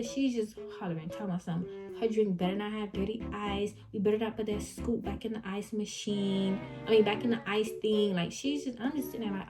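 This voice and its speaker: A woman vlogger gives a casual storytime in an animated, chatty voice. She talks directly to her viewers, and plucked guitar music plays clearly behind her. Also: mid-range voice, quick pace, few pauses. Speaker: vlogger recounting fast-food job.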